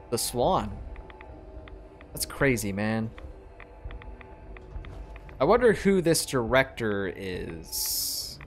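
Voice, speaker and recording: Male gamer, relaxed commentary, slow delivery, faint music underneath. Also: medium pitch. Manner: laid-back, musing aloud, says "man" a lot. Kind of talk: casual gameplay commentary.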